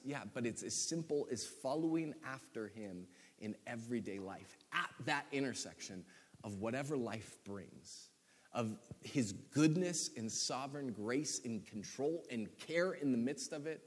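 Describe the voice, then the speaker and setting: Husky man reflecting on faith. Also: on the low side. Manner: thoughtful, measured, sometimes slow. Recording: long reverb.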